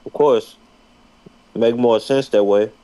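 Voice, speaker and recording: A man's voice: mid-range voice, steady tone, takes it slowly, warm tone, poor audio. Man calling out from across the room. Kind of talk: casual chat.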